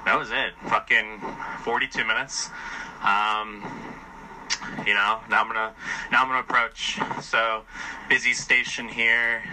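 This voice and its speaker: A man's voice: lowish voice, level tone, measured pace, noisy background. A man talking casually and bluntly into his camera, swearing and rambling as he walks city streets and stations at night. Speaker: vlogger. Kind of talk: casual walking vlog.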